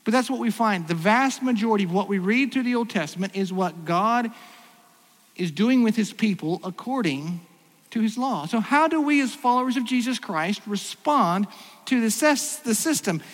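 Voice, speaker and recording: A man's voice: high-pitched, animated, moderate pace, big-room sound, rough recording. A man preaching a sermon in a conversational way, full of rhetorical questions and restarts. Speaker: pastor.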